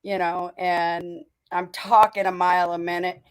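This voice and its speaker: A woman from North Dakota hosts a casual livestream chat, her accent blending North Dakota and Southern US speech. She's chatty and laughs often between fillers, speaking in a low-ish, flat, unhurried voice with a clean tone.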